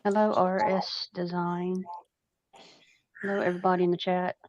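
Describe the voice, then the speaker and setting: Chatty Southern US woman, low and dry. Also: flat delivery, moderate pace, darkish tone, dry recording, highs cut off. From Nashville, Tennessee. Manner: chatty, laughs often. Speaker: live stream guest. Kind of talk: casual chat.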